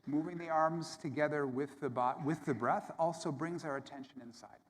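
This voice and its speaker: A man teaching yoga to a live audience on a microphone, calmly cueing breath and movement step by step. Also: on the high side, normal speed, a little hiss or hum. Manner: calm, gentle, step-by-step cueing. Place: large hall at a yoga summit. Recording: long hall reverb with faint room ambience.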